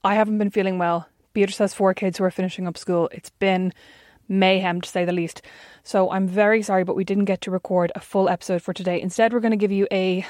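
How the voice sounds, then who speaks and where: A woman's voice: medium pitch, steady tone, fast, hardly any pauses, a little mellow, dry recording, clean studio sound. An Irish woman in her thirties co-hosting a podcast, chatty and self-mocking in casual conversation. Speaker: podcast co-host. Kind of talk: casual chat.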